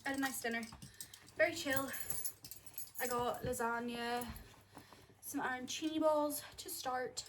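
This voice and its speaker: A young book vlogger from Northern Ireland, with a Northern Irish accent, chats casually and gigglingly to camera in a bathroom at night, swearing freely. Her high-pitched, fairly bright voice is unhurried with fairly even intonation and frequent pauses. The room is echoey, with background noise.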